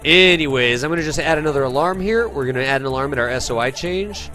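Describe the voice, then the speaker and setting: A man's voice: fairly high pitch, expressive, fast, bright, forceful tone, faint music behind. A man streaming a space game live, explaining his moves in an upbeat, chatty way and thanking viewers from the chat. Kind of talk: live gameplay commentary, reading chat.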